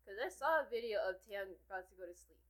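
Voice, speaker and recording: A woman co-hosting a casual chat, animated and joking with quick retorts. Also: medium pitch, poor audio. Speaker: podcast co-host.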